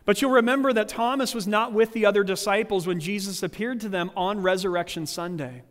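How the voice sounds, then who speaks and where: A male pastor delivers a sermon in a church sanctuary. His voice sits high and animated, shifting into playful quoted voices, and it carries a long hall reverb. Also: fairly quick, hardly any pauses.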